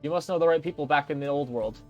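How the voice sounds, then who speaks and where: A portly, friendly quartermaster with an Italian accent, as a man puts him on, jovial and a little smug. He teases and jokes warmly, and his voice sits a touch higher than the player's own. Game music sits faintly behind him. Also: fast, lo-fi sound, close to an everyday voice. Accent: attempted Italian.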